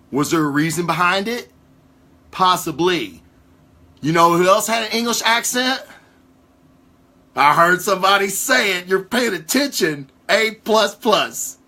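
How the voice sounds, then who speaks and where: Excitable, profane man rambling theories. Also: a little high. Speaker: podcast host. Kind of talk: casual theory talk to a live chat.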